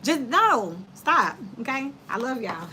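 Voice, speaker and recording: A woman's voice: sits high, sing-song, slow pace, sharp tone, slight background noise. A woman with children doing a casual tarot reading for her viewers, talking bluntly and animatedly in slang and laughing often. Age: adult with children. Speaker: tarot reader.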